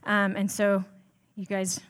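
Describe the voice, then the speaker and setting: A woman's voice: mid-range voice, completely flat delivery, takes it slowly. A woman preaching at a church, with a talk that sounds more like an easy chat than a formal sermon. She sounds down-to-earth and a little self-deprecating, and her speech is full of casual "um"s and "like"s. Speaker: church staff member preaching. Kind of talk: conversational sermon.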